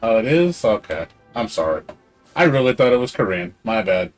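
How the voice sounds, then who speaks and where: A man's voice: lowish voice, sing-song, moderate pace, soft background music. A middle-aged man streaming a game, rambling in casual chat and swearing freely. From Hispanic background.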